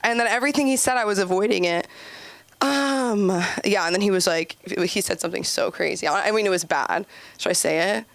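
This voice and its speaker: A woman's voice: mid-range voice, brisk, creaky, fairly bright tone, no echo. A woman doing open mic stand-up comedy on a club stage, chatty and giggly, with lots of "like" in her speech. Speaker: stand-up comic and show host.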